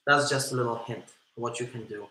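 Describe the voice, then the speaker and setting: A man's voice: medium pitch, steady tone, fairly quick, sharp tone. A man teaching a dance class, counting beats aloud and coaxing students through steps, heard from a distance in a studio. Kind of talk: live online dance class. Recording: echoey room, from a distance.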